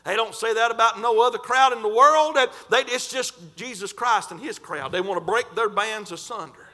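A man preaching a sermon in a fervent, folksy way, stretching and shouting scripture lines. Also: high voice, normal speed. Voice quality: folksy, colloquial.

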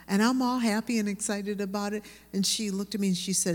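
A woman's voice: mid-range voice, brisk. Earnest woman preaching in an echoing hall. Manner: earnest, lively storytelling. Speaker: women's Bible teacher. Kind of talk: sermon to women.

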